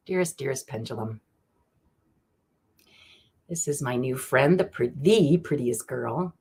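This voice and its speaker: A woman hosting a live-stream psychic reading. She chats excitedly with viewers by name and slows into solemn invocations. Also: low-pitched, husky. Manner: slow solemn invocation prayers. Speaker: online psychic reader. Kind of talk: live-stream divination chat.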